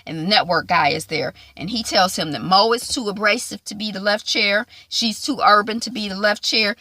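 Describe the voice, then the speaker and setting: A woman casually recapping a TV episode, acting out the characters' lines in quick asides. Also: mid-range voice, no echo. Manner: animated, acts out quoted lines in quick asides. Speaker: TV show reviewer.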